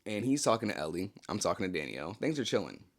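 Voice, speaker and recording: A man's voice: on the low side, sing-song, fast talker. A young adult man hosting his channel, telling a personal story in a casual, slangy way, with lots of "like" and "you know". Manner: laid-back, slangy, full of "like, you know" fillers.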